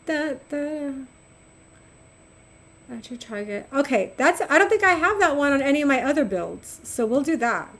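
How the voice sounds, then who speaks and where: Here a middle-aged woman plays a game on stream, chatting affectionately and animatedly with her audience. She speaks briskly in a high voice, barely pausing at all.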